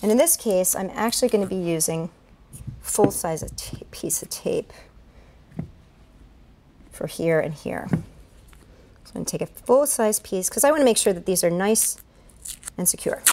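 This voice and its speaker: Background noise can be heard as a woman with a medium-pitched, lively voice explains a duct tape craft step by step, pausing often at a moderate pace. She entertains at children's events and talks chattily through her handiwork, upbeat and encouraging.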